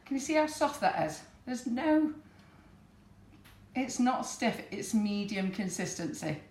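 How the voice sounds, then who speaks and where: A woman's voice: fairly high pitch, animated, a little slow. Chatty northern English woman baking. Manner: chatty and warm, laughs often. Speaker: baking demonstrator. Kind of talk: live baking demonstration chat. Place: kitchen. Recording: roomy kitchen with background noise.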